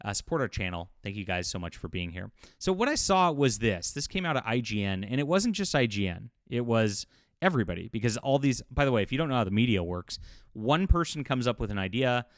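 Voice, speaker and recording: A man's voice: medium pitch, big pitch swings, a little fast, no room sound, clean studio sound. A man hosting a casual commentary channel, rambling with lots of fillers and restarts. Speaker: YouTube host and sci-fi writer.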